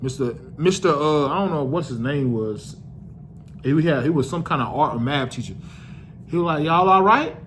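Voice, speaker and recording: A young adult man telling a story to his viewers in a loose, slangy, casual way, swearing freely, his voice jumping up when excited and dropping low when reflective. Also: normal speed, a little hiss or hum. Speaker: vlogger.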